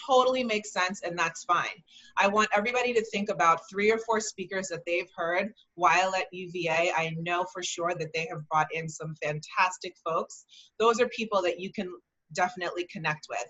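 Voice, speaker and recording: Brief: woman in her thirties, slightly low voice, bright tone, encouraging career advice. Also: moderate pace, lo-fi sound. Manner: earnest, encouraging, with frequent "um". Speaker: guest speaker, career advice. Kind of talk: conversational advice.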